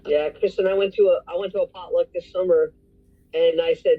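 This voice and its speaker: A woman's voice: fairly low pitch, fairly even intonation, a little fast, husky, dry recording. A woman in a weight loss support group, chatting and quoting others on a video call. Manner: chatty, laughing, quotes others. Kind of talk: casual video call chat. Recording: dull dry video call audio.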